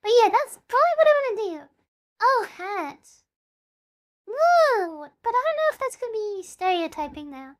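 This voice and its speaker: A woman's voice: very high voice, big pitch swings, fairly quick. A woman VTuber chatting casually on a live stream, bubbly and talkative, dropping playful meows between sentences.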